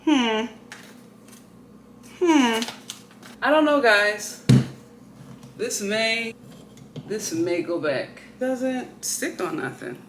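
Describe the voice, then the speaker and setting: A woman's voice: fairly high pitch, lively intonation, extremely slow, long pauses, a bit bright, a little hiss or hum. A woman vlogging casually at home, exclaiming and grumbling to her viewers as she unboxes something. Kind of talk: casual vlog chat. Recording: roomy echo, faint ambience.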